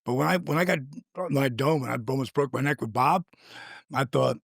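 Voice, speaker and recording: A man with a gravelly, husky voice that sits a bit high tells animated stories as a podcast guest. He acts out other people's voices as he goes, and the room is dry and close. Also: fairly quick, dry recording. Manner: energetic storyteller who acts out the voices of others. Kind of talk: animated storytelling in casual conversation.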